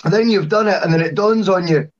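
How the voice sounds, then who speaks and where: A man's voice: sits high, fast. Man, dull lo-fi sound. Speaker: podcast co-host. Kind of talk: casual chat.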